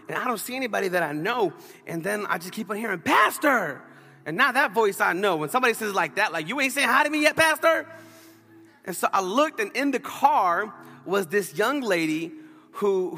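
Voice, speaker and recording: A man preaching a sermon as pastor, telling a story in an animated, playful way. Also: sits high, big-room sound. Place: church sanctuary.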